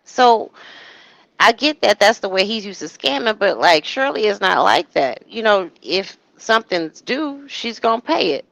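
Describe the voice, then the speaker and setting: A woman chatting casually in commentary, animated, slipping into quoted voices with frequent restarts. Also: medium pitch, moderate pace, creaky, dry recording, poor audio.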